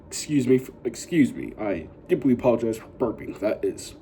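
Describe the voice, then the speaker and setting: A man's voice: medium pitch, sing-song, a little fast, vocal fry, very noisy. A young man vlogging casually to his viewers, rambling with constant fillers and hyping them up. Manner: rambling, full of "you know" and "like" fillers; upbeat hype talk to viewers. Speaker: YouTuber. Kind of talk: casual vlog chat.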